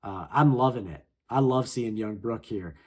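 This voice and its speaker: A man's voice: mid-range voice, normal speed, darkish tone, slightly rough. A man casually chatting his way through a comic chapter, laid-back and full of slangy filler. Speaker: manga reaction host. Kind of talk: casual chapter read-along commentary.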